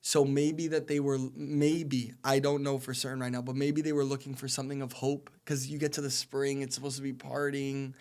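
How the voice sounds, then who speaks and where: Young man in his twenties talking on a podcast, earnest and rambling as he tells a long story, his pitch staying close to one level throughout. His voice sits in an ordinary middle register, and he speaks as a guest answering a question. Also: little pitch movement, moderate pace, hardly any pauses, darkish tone. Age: 20s. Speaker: podcast guest, soccer player. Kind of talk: casual interview storytelling.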